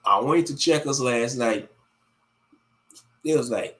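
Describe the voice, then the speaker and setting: A man's voice: mid-range voice, takes it slowly, fairly bright tone. A man hosting a casual livestream, ranting animatedly with plenty of cursing. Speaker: livestream host.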